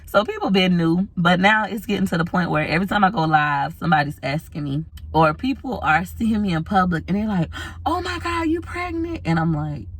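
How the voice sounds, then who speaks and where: A woman in her thirties vlogging, candidly telling a personal story to camera, tearful, with long pauses. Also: lowish voice. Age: 30s.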